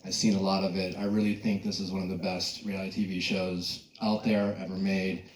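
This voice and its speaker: A man's voice: low-pitched, level tone, fairly quick. A man moderating a panel discussion, enthusiastic about the show as he asks his questions. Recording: echoey hall with faint noise.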